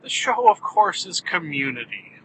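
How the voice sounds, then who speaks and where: A man's voice: high-pitched, big pitch swings, moderate pace, pushed and bright, a little hiss or hum, low-quality recording. A man hosting his own podcast in a rambling, self-mocking, jokey way, recorded in a car while driving. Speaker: podcast host. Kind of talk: casual rambling monologue.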